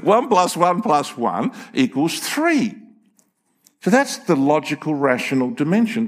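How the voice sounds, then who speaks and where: Older man, pastor, lively sermon, jokes with congregation, emphatic bursts. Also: a little high. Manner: animated, rising to emphatic peaks, joking with the congregation. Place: church hall with congregation.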